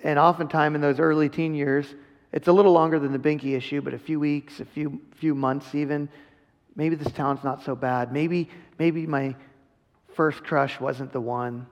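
A man's voice: a little high, fairly even intonation, normal speed, lo-fi sound. Earnest man preaching in an echoing hall. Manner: casual, earnest preaching with quoted asides. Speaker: pastor. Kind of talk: sermon. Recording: long reverb of a large hall.

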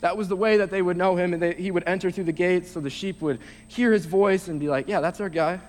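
A young man giving a short sermon, reading scripture slowly and then explaining it in a halting, casual way. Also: high-pitched, steady tone, darkish tone. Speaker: youth speaker. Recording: long reverb of a large hall.

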